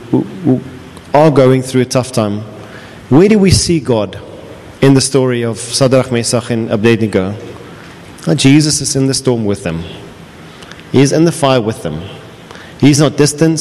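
A man's voice: medium pitch, darkish tone. A man preaching a sermon as pastor, earnest and often restarting his phrases. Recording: long reverb of a large hall.

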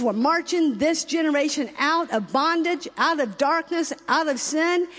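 A middle-aged woman giving a fervent sermon-style testimony, building to loud rising climaxes and acting out dialogue. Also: fairly high pitch. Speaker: ministry founder and speaker. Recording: long hall reverb.

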